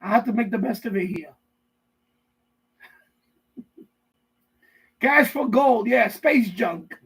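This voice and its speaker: Husky high-voiced man ranting on a stream. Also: animated, slow, a bit bright, poor audio. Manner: profane, repetitive, riffing with mock voices. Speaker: live stream host. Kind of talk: rambling casual rant. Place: basement room.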